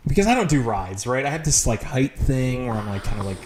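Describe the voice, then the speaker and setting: A man's voice: medium pitch, sing-song, a little fast, noisy background. A man co-hosting a casual podcast, chiming in with laughing, rambling asides. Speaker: podcast co-host. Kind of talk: casual chat.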